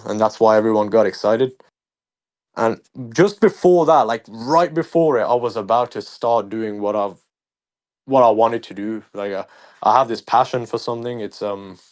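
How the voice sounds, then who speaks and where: A man's voice: medium pitch, a little mellow. A young man with a Birmingham accent, a streamer being interviewed, talking casually and ranting heatedly with lots of swearing. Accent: Birmingham English. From England. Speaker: streamer, guest.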